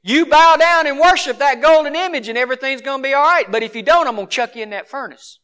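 Man doing a Southern-accented king, high and pushy, brash threats, bright ringing voice. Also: quick pace. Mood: threatening. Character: boastful king threatening men with a furnace.

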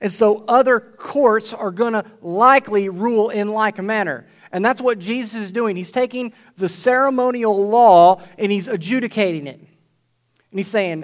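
A man's high voice, moving at normal speed, carries a conversational sermon to a church congregation; the pastor regularly checks in by asking "right?"

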